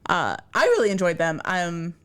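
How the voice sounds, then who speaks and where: A woman with a lower voice for her sex talks on a podcast. Her speech is halting and full of trailing thoughts. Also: big pitch swings, fairly bright tone, smooth. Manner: hesitant, trailing off, short agreeing replies. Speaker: podcast co-host. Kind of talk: casual chat.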